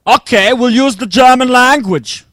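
A man's voice: extremely high pitch, measured pace, fairly bright tone, dry recording. A man preacher putting on a German man with an exaggerated, clipped accent to make a point. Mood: mock-earnest.

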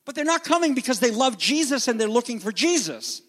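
High-voiced preacher in a reverberant hall. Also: male voice, sing-song, a bit bright. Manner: emphatic, ad-libbing, drawn-out stresses. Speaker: pastor. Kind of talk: sermon.

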